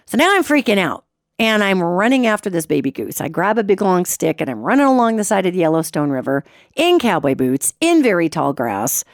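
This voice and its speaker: Animated, expressive woman storyteller. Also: fairly quick, no room sound, studio quality. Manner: expressive, swoops in pitch, imitates sounds. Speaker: radio show host.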